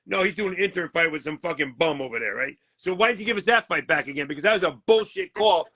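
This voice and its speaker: A man's voice: high voice, fairly quick, fairly bright tone, no echo. A man, a boxing manager, answering interview questions in a blunt, combative way and swearing freely.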